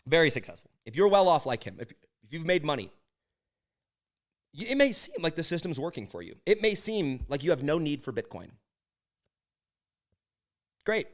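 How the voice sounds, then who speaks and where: A man in his thirties telling a story in a casual monologue, animated and emphatic, with many fillers and restarts. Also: fairly high pitch, normal speed, pauses often.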